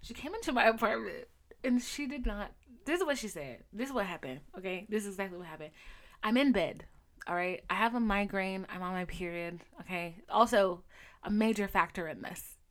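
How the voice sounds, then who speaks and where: A young adult woman hosting a solo podcast, chatting candidly with profanity and animated storytelling. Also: medium pitch, fairly quick. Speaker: podcast host. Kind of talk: casual solo podcast chat.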